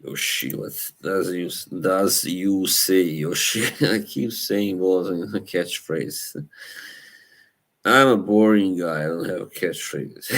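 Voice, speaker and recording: A young man with an Eastern European accent, hosting a casual live chat, relaxed and halting, laughing often. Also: low voice. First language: Slavic language. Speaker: livestream host.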